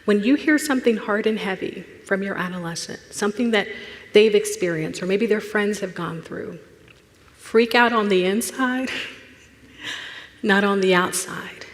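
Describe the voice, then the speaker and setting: Woman telling a story in a reverberant church. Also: mid-range voice. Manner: storytelling, acts out dialogue, drops to a hush for tender moments. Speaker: therapist speaking at church. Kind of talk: church talk with personal story. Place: church sanctuary. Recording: long hall reverb.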